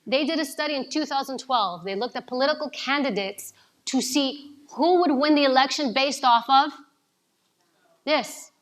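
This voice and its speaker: A woman from New giving an energetic coaching talk to a live audience, asking them questions. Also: high voice, normal speed. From New York City. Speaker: speaker at a summit.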